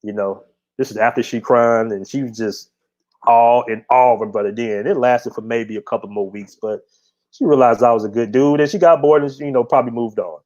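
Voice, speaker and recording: A middle-aged man talks straight to his viewers in a loose, unpolished monologue, blunt and salty with his words. His voice sits at an ordinary middle pitch, and the audio is a bit dull and lo-fi. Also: brisk, darkish tone. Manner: blunt, profane storyteller, laid-back drawl. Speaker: channel host. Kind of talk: casual monologue to camera.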